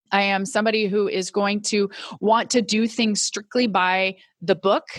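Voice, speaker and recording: A middle-aged woman hosting a podcast, telling her own story in an earnest, reflective way and slowing down on key words. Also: a little high, a bit bright, no room sound. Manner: earnest and reflective, slows down for emphasis. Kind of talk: personal storytelling monologue.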